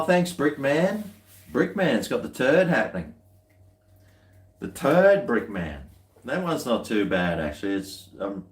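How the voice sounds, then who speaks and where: A slow-talking Australian man with a lowish voice, chatting casually as he tastes beer. His talk rambles, dry and full of half-muttered asides. The sound bounces around an echoey room. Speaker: beer-tasting vlogger. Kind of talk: casual chat while tasting beer.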